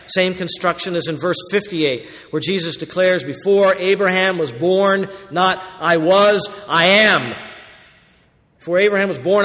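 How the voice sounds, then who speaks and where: Guy preaching a sermon, fairly high voice, big booming declarations then quiet asides, long hall reverb. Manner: emphatic preaching, swings between loud declarations and quiet asides. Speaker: pastor.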